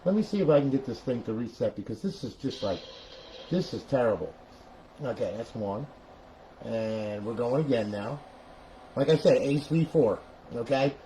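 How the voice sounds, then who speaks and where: A man's voice: mid-range voice, expressive, moderate pace, pauses often, warm tone, slight background noise. A man live-streaming a console repair, ranting in frustration, repeating himself and talking straight to his viewers.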